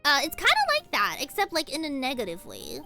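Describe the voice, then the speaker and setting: A woman's voice: sits high, wildly swooping pitch, a little fast, vocal fry, sharp tone, soft background music. A young woman streaming a game from home, chatting and rambling about her dreams with laughs and squeals while she plays. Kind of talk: casual gaming stream chat.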